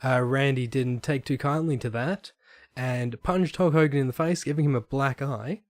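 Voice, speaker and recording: A man's voice: medium pitch, moderate pace, no room sound. A young man, a podcast guest, telling stories in a casual chat with easy laughs. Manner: storytelling, laughs into impressions.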